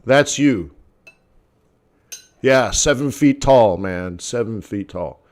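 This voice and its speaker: A man hosting a live trading stream, telling stories in a lively casual way and acting out the people he quotes. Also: medium pitch, slow pace. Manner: animated, acts out quoted people. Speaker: forex trading host. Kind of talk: live stream chat and storytelling.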